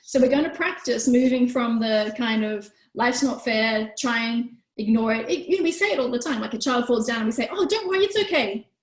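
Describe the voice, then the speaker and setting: Her pace a little fast and her pauses few, a woman runs an online parenting workshop in a conversational style. When she quotes someone, she performs the line in a higher voice. The room is echoey.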